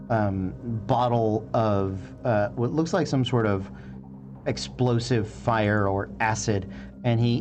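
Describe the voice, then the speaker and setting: A man narrating as game master of a tabletop game, relaxed and hesitant, with many fillers. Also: on the low side, muffled recording, background noise.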